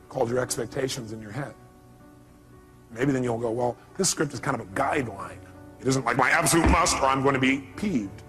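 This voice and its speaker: A male motivational speaker addressing a seminar audience, emphatic and punchy, throwing out rhetorical questions. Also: medium pitch.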